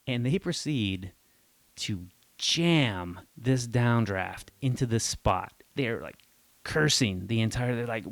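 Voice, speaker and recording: Male host, mid pitch, comic rant delivery, jumps into voices for the people in his story, dry close sound. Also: unhurried, no room sound. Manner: animated, exasperated, acts out quoted people in raised voices. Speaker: show host. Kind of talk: comedic storytelling monologue.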